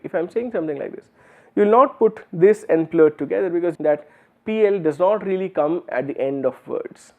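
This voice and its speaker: A man's voice: high-pitched, moderate pace. Indian-English male lecturer, tinny sound. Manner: explanatory, uses many fillers and restarts. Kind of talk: university lecture. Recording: phone-like narrow band.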